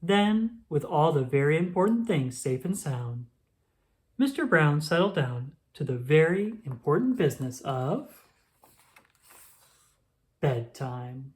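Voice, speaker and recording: A woman reading a children's picture book aloud, expressive and slow. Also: deep voice. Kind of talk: storybook read-aloud.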